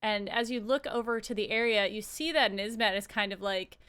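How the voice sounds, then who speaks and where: Bright, clear-voiced woman game master. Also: medium pitch, fairly quick. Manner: casual, searching with fillers. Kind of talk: narrating a tabletop game.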